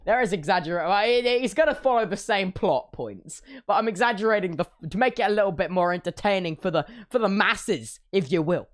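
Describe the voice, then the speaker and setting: A man's voice: high-pitched, lively intonation, fairly quick, hardly any pauses. A young man streaming, telling a playful, exaggerated story and slipping into silly voices.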